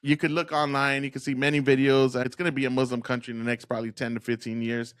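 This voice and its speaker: A man's voice: medium pitch, flat delivery, fast, a bit bright, clean tone, dry recording. A man hosting a profane reaction video, ranting in a heated, mocking way and laughing often. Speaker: commentary video host.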